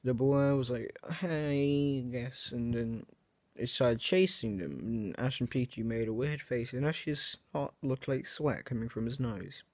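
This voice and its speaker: A man's voice: mid-range voice, normal speed, darkish tone, dry recording. A young man chatting casually to his viewers, rambling and hesitant, often restarting his sentences and poking fun at himself. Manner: self-mocking. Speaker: vlogger. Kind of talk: casual chat to camera.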